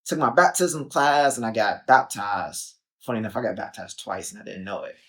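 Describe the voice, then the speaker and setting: This podcast guest, a young man from Chicago, has a lowish voice and talks at a normal speed. He tells his story casually and with animation, acting out quotes and dropping in plenty of "like" and "um."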